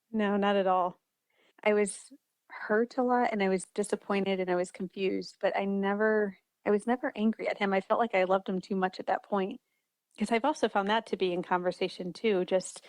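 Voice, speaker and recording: A woman's voice: mid-range voice, no echo, clean studio sound. A woman guest author speaking earnestly and reflectively in an interview, often restarting her sentences. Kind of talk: conversational interview.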